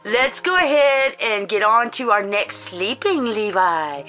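A woman's voice: medium pitch, expressive, a little slow, few pauses, bright, forceful tone, soft background music. A woman hosting a casual doll-collecting vlog, gushing and doting as she talks, with many fillers. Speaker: doll collector and channel host. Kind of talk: casual chatty unboxing vlog.

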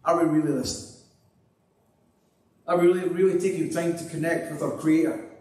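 Scottish pastor preaching in an echoey hall. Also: male voice, a little high, fairly even intonation, fairly quick. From Scotland. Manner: earnest, repetitive preaching cadence; drops to a hushed voice in prayer. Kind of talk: sermon with prayer. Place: church hall. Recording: echoey hall, mic at a distance.

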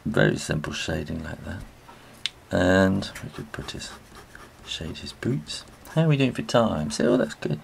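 A low-voiced British man with a gravelly edge talks through a drawing lesson in a loose, chatty way, trailing off mid-phrase as he works. He sounds middle-aged, and a faint hiss sits under the recording. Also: animated, unhurried. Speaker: illustrator teaching drawing. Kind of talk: relaxed spoken drawing tutorial.

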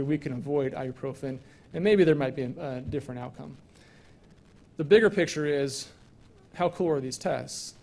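A man's voice: fairly high pitch, darkish tone. A man who is a physician, giving a conversational grand rounds lecture and walking through slides with casual asides.

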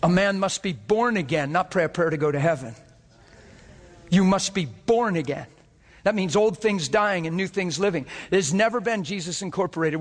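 A man preaching a sermon, fervent and earnest, often breaking into laughter as he gets excited. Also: high voice, normal speed, big-room sound.

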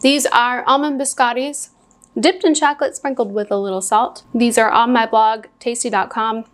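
A woman's voice: on the high side, steady tone, normal speed. A young woman hosting her own home cooking video, talking casually through each step and chatting while she eats. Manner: chatty, talks while eating.

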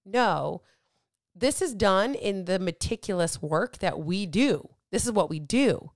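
A woman with an animated mid-range voice speaks unhurriedly as she hosts her weight loss coaching podcast. Addressing listeners directly, she's blunt, emphatic, and freely profane as she motivates them, recorded dry and at studio quality.

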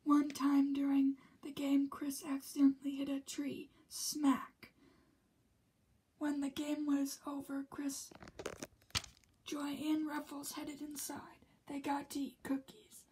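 A woman reads a children's story aloud in a high, light voice. She takes her time, unhurried and gentle. Much of the narration falls to a soft whisper. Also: monotone, a little hiss or hum, poor audio. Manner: slow and soft, often drops to a whisper. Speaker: reader of a children's book.

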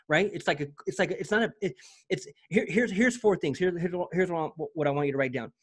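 An energetic man with a slightly raised pitch, talking through a software demo in loose, slangy chat. He stumbles and repeats words as he gets excited, keeping it casual and hyped. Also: fast, breathy edge. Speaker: presenter demoing software.

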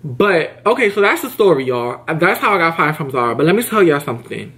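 A young man in his twenties tells a story straight to camera in a casual, animated way. His voice sits a little high for a man, and he slips into each person's lines as he quotes them. He talks fast and with plenty of attitude. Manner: animated, quick-talking, acts out quoted dialogue. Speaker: YouTuber telling a story.

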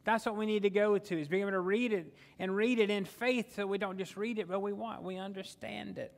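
High-voiced pastor preaching. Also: male voice, fairly even intonation, fairly quick, vocal fry. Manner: conversational preaching with call-and-response questions. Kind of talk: sermon.

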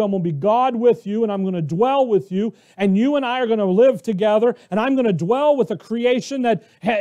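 A man's voice: sits high, dark tone, lightly acted. A man preaching takes the voice of God, speaking as a kind fatherly deity who urges and pleads with earnest encouragement.

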